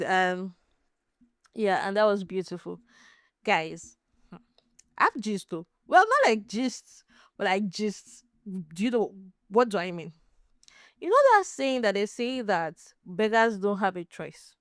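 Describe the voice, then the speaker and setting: A Nigerian woman hosting a podcast, chatting casually as an animated, laughing storyteller. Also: medium pitch, slow pace, clear, resonant tone, no room sound, clean studio sound. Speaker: podcast host. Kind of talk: casual chat.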